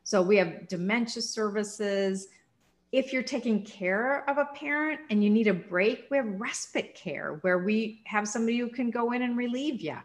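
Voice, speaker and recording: A woman's voice: on the high side, normal speed. Upbeat Minnesotan woman. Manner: energetic, smiling, upbeat. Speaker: nonprofit CEO, podcast guest. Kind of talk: conversational interview.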